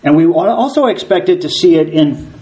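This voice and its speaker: A man's voice: on the high side, lively intonation, moderate pace, darkish tone, poor audio. Earnest male preacher asking rhetorical questions. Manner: frequent ums and restarts. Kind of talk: sermon.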